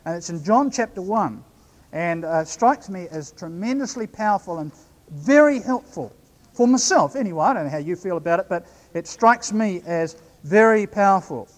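A man with a New Zealand accent preaching a sermon, measured, slowing right down to stress key phrases. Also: high-pitched, expressive, in a large hall. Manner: measured, slows right down for emphasis.

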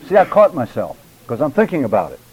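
Man, mid-pitched, instructor lecturing a church speaking class; deliberate, emphatic, carefully enunciated delivery. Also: wildly swooping pitch, a little mellow, slightly rough, poor audio. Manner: addresses class members by name.

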